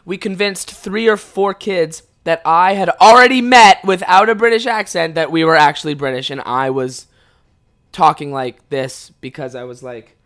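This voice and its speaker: A young man from Ontario hosts a podcast, telling stories in a loose, rambling way. He swears freely and laughs often. His voice sits a little high for a man. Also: fairly bright tone. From Ontario, Canada. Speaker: podcast host. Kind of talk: casual storytelling.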